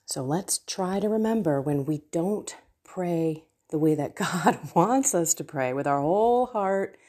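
A woman's voice: on the low side, expressive, a little slow, mellow. A middle-aged woman hosting a devotional podcast, talking casually and earnestly about her own prayer life and urging her listeners on. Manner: earnest, personal, exhorting listeners. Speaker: podcast host and faith coach.

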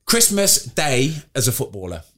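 A man's voice: medium pitch, big pitch swings, brisk, a bit bright. Chatty man hosting a podcast. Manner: chatty, enthusiastic, repeats himself. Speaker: podcast host. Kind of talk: casual chat. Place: office.

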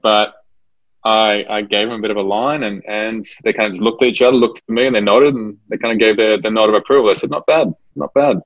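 A man with a lowish voice talks through a casual interview, halting often, repeating words and filling pauses. The recording sounds muffled and lo-fi, with the top end rolled off. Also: level tone, a bit bright. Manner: hesitant, many restarts and fillers. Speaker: actor being interviewed. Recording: dull lo-fi recording.

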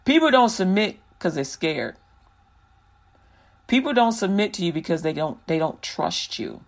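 A man's voice: high-pitched, sing-song, measured pace, gravelly. A man hosting a Christian radio show, talking in a loose, slangy, rambling way and preaching casually to listeners.

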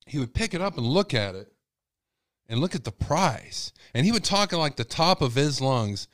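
A male host rambles through a folksy story in a casual monologue, with plenty of fillers. His voice sits at an ordinary pitch and sounds dry and close, with no room around it. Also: normal speed, a bit bright, dry recording.

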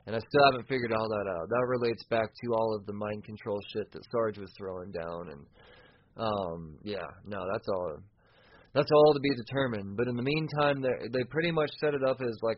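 Excitable, swearing male podcast host. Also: fairly low pitch, normal speed, dull audio. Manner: excitable, profane, frequent restarts. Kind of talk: casual comic book recap.

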